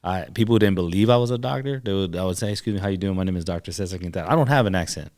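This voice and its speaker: A man with a fairly low voice tells personal stories in a relaxed podcast conversation. He acts out the people in his stories, and his voice jumps up whenever he quotes them. The delivery is loose and conversational. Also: racing. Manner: animated storyteller, acts out dialogue. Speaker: podcast guest, chiropractor. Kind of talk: casual storytelling.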